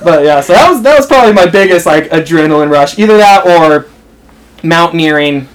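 A man's voice: on the high side, expressive, a little fast. A young American man telling a story in casual chat, rambling with lots of fillers and laughing as he goes. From United States. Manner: rambling, filler-heavy, laughs through stories.

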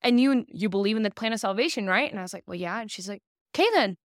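An earnest young woman in her twenties tells her own story as a podcast guest, slipping into the voices of the people she quotes. Her voice sits at an everyday middle pitch. The room is dry and close. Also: racing, dry recording. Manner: earnest, acts out quoted dialogue. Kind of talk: personal storytelling in an interview.

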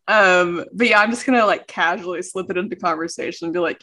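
A woman's voice: lowish voice, a little fast, sharp tone. A woman co-hosting a casual podcast, chatty and enthusiastic, wandering off on tangents. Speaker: podcast co-host.

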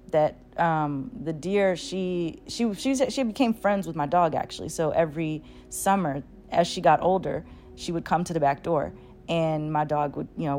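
Woman, fairly low voice, casual storytelling, swears freely, lots of "like" and "you know". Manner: animated, swearing, trailing fillers. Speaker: channel host.

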